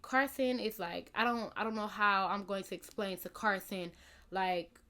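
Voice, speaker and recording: A woman's voice: medium pitch, steady tone, moderate pace, pushed and bright. Young woman rambling chattily to camera. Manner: rambling, many "like" and "you know" fillers. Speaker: vlogger. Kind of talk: casual chat to camera.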